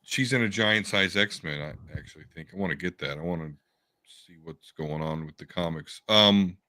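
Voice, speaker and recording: A man's voice: deep voice, normal speed, pushed and bright. A man co-hosting a podcast in casual chat, rambling fan talk about comics with the odd swear word over a remote call mic. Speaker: podcast co-host.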